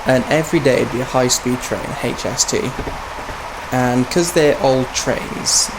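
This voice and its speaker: A man with a medium-pitched voice speaks at a measured pace, chatting casually as he plays a train simulator and rambling through stories while laughing at himself. Game noise sits behind his voice, with the simulator's engine and rail sounds in the background.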